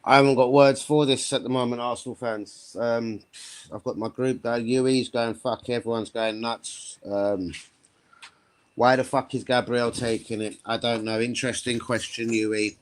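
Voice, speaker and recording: A man's voice: mid-range voice, steady tone, moderate pace. A man hosting a live fan reaction stream, stunned and swearing as he rambles to his viewers. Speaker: fan livestream host.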